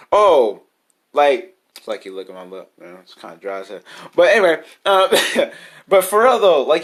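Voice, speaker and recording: A young man speaking into his camera in an off-the-cuff vlog. His voice sits at a middling pitch, and his talk is loose and full of slang. He drifts and rambles, then turns heated and emphatic as he gets worked up. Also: a bit bright. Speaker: vlogger. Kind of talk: casual opinion vlog to camera.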